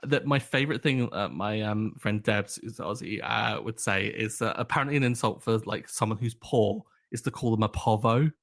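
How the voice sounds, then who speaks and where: A man's voice: on the low side, moderate pace, few pauses, a bit bright. A man co-hosting a casual podcast chat, playful and teasing, often restarting his sentences. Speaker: podcast co-host.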